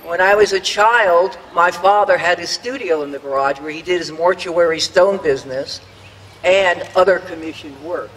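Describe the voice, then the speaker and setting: A man's voice: sits high, steady tone, moderate pace, fairly bright tone, big-room sound, rough recording. An older man giving a prepared, earnest speech at an outdoor memorial dedication, reminiscing about the past and acting out the voices he quotes. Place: outdoors at a public dedication ceremony.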